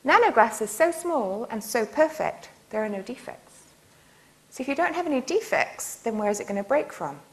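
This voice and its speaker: A woman lecturing in a university hall. Her voice is a little high and very animated as she jumps through stories with playful enthusiasm. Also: moderate pace. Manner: playful, enthusiastic storytelling with laughs. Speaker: nanotechnologist giving a public lecture. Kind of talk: lively public lecture.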